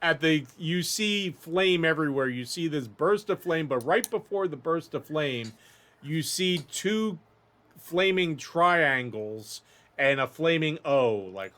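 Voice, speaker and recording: A man's voice: a little high, animated, slow pace, a bit bright. A man narrating as dungeon master of a tabletop game, describing scenes with frequent restarts.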